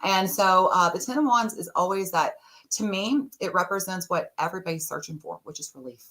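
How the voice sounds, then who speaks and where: Bright-voiced woman telling stories. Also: fairly low pitch, a little fast. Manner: warm storyteller, laughs often. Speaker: podcast guest, tarot reader. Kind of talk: casual interview talk.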